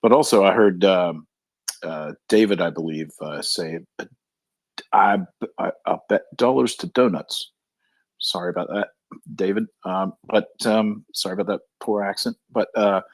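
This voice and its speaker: A man speaking haltingly in a live audio discussion, full of fillers and restarts. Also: lowish voice, dry recording. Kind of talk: casual discussion.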